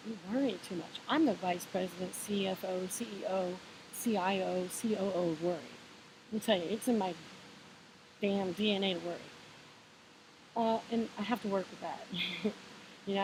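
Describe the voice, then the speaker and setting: Woman musing casually over steady hiss. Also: mid-range voice, low-quality recording. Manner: relaxed, meandering, encouraging, many fillers and restarts. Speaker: vlogger sharing spiritual advice. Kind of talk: casual reflective monologue. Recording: hissy home recording.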